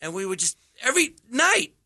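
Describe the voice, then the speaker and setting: A man chatting on a radio show as a comedian guest, telling animated stories, laughing often and acting out the voices of people in them. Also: extremely high pitch, brisk, dry recording, studio quality. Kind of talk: casual radio chat.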